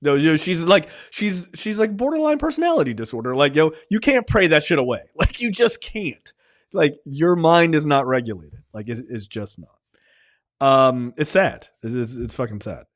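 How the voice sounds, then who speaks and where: A man's voice: on the high side, lively intonation, moderate pace, no echo, clean studio sound. A man reviewing a film on a podcast in a loose, rambling, profane way, full of ums and likes. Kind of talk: casual conversational film review.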